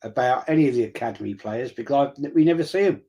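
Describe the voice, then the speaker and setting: A man's voice: mid-range voice, quick pace, warm tone. A man co-hosting a casual football livestream, telling rambling anecdotes with restarts and calling his friend mate. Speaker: livestream co-host.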